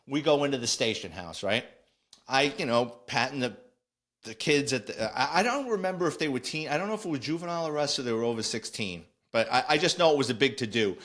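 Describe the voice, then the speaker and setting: An older man, a former police officer telling a blunt, animated story on a podcast. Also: mid-range voice. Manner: animated, blunt, acts out quoted voices. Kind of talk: casual anecdote storytelling.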